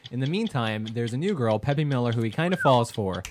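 Male podcast co-host, easygoing and giggly, lively pitch, faint background hiss. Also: fast talker. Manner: laughs often, rambling plot summary. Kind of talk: casual movie-review podcast chat.

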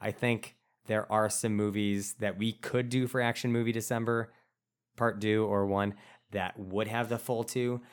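A man co-hosting a casual film-review podcast, thinking aloud in a relaxed way. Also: fairly low pitch, a little slow, smooth. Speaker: podcast co-host.

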